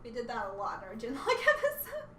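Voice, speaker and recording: A woman's voice: fairly high pitch, wildly swooping pitch, quick pace. A young woman co-hosting a casual fan podcast, bubbly and rambling, often laughing. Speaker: podcast co-host. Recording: echoey room, mic far off, noisy.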